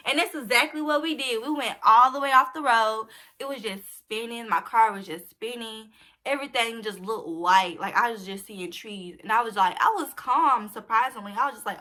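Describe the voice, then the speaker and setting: A woman's voice: a little high, normal speed, pushed and bright. A young woman telling a personal story to her viewers in a casual, chatty way. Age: young adult. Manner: chatty, addresses viewers directly as y'all. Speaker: vlogger.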